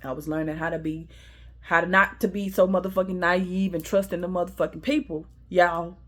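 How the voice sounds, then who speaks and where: A woman's voice: fairly low pitch, brisk. A young woman tells a casual storytime. She swears freely and acts out the quotes. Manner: animated, laughing, profane, acting out quotes.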